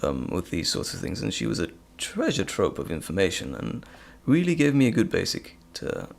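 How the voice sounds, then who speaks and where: A man's voice: sits low, wildly swooping pitch, normal speed, creaky. A man hosting a casual live stream, reading chat questions aloud with frequent ums and hesitations. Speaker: live stream host and audio creator.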